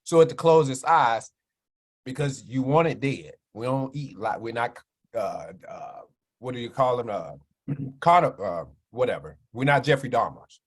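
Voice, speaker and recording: With a medium-pitched voice at a normal speed, a Chicago-born minister and wellness speaker gives a preachy health talk to a live chat. He stays animated and keeps tossing out "right?" to draw agreement.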